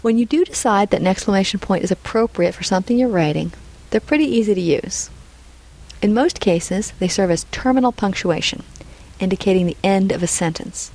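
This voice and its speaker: A woman's voice: medium pitch, animated, brisk, darkish tone, low-quality recording. A woman narrating a scripted lesson on punctuation, reading example dialogue aloud and naming each punctuation mark. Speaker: writing instructor.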